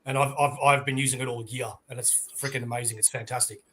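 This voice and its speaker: A man chatting casually on an online hangout show, animated and acting out quotes as he retells a show. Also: mid-range voice, quick pace. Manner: animated storyteller, acts out quotes.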